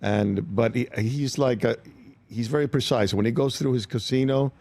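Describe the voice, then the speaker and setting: A man, an actor guest in a studio interview, telling anecdotes in a lively, casual way. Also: mid-range voice, moderate pace, no room sound. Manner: animated anecdotes with acted-out quotes. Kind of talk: studio interview chat, storytelling. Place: radio show studio.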